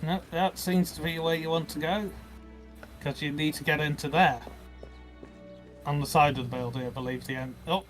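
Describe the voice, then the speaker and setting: Brief: wry male game streamer, fairly high voice, faint music behind. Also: steady tone, moderate pace, long pauses. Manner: wry, joking asides. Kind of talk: casual let's-play commentary.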